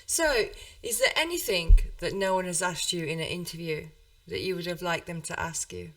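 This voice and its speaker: A bright, forceful-sounding woman hosting a relaxed interview podcast. She is effusive and giggly, laughing often and heaping warm compliments on her guest. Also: lowish voice, moderate pace. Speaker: podcast host. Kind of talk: casual interview chat.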